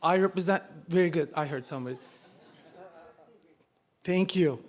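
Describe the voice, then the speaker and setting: Turkish guy in his 40s, high voice, telling a funny story on stage, pokes fun at himself. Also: moderate pace. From Turkey. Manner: humorous, self-mocking, builds to punchlines. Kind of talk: live personal storytelling. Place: live stage before an audience.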